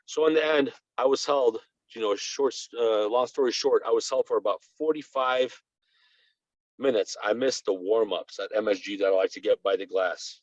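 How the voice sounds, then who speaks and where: A man's voice: on the low side, normal speed, no echo, dull audio. Rambling Russian-born man telling a story. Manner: animated and rambling, lots of "you know" fillers. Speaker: guest reporter. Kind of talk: casual conversational storytelling.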